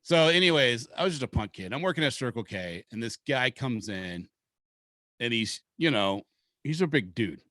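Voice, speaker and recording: This Seattle podcast host rambles through a long story, cursing often and staying relaxed throughout. He speaks at a moderate pace in an animated, mid-range voice with a fairly bright tone, and the recording is dry.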